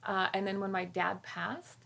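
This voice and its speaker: A woman's voice: medium pitch, flat delivery, unhurried, vocal fry, sharp tone, slight background noise. A woman speaking on a casual panel, open and candid as she tells a personal story. She talks in a plain conversational voice. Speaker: panel guest.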